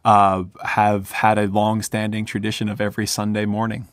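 A man's voice: lowish voice, monotone, moderate pace, no room sound, studio quality. A man from Pensacola, a chef being interviewed, talking in a friendly way with frequent restarts. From Pensacola, Florida. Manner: friendly, hesitant with many restarts. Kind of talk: conversational interview.

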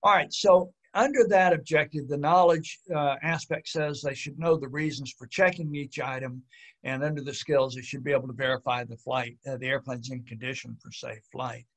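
A man who works as a pilot examiner, giving a webinar presentation in a measured, explanatory way with frequent fillers. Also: mid-range voice, steady tone, fairly bright tone.

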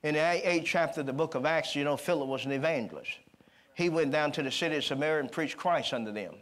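A man preaching a sermon at a church service, calling for amens and slipping into quick conversational storytelling. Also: fairly high pitch, expressive, a bit bright. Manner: rising to emphatic call-and-response, then quick conversational storytelling.

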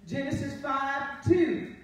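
A woman pastor preaches from the pulpit in a high voice, reading scripture and pausing often to ask "Amen?". She is picked up from a distance, and her words ring with heavy reverb through the church. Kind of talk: sermon. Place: church sanctuary. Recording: very echoey live church feed from afar.

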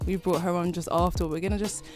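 A woman's voice: lowish voice, steady tone, fast talker, darkish tone, soft background music. A woman from London hosting a podcast in casual chat, laughing often and talking in a playful, chatty way. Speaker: podcast host.

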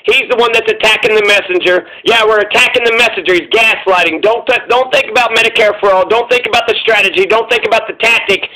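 A man's voice: sits high, quick pace, few pauses, bright, forceful tone, low-quality recording. A man hosting his own channel, delivering a heated, profane political rant full of repetition. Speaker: commentary channel host.

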